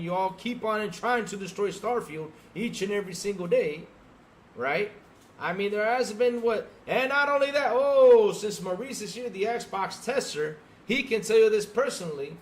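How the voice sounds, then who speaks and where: A man's voice: high-pitched, a little hiss or hum. A man co-hosting a gaming podcast, ranting heatedly and exasperatedly at his audience with rhetorical questions. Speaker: podcast co-host. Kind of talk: ranting livestream podcast talk.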